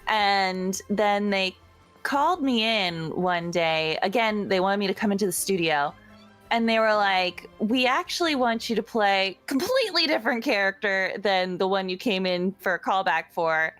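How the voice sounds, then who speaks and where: A woman's voice: medium pitch, fairly bright tone, faint music behind. Giggly woman chatting as a guest. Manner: giggly, chatty, with quick bursts of speech. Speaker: guest voice actress. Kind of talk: casual chat.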